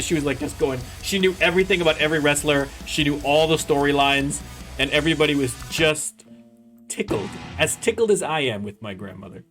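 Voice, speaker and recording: A man's voice: on the high side, expressive, brisk, a bit bright, soft background music. A young Canadian man hosting a casual let's-play, rambling and joking as he plays. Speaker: gaming channel host.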